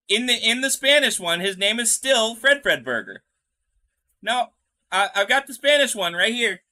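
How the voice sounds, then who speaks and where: A man's voice: very high voice, very animated, moderate pace, sharp tone. A young man streaming a video game live, chatting with his viewers, joking, and reading the game's lines aloud. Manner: chatty and jokey, reads game lines aloud, talks to chat.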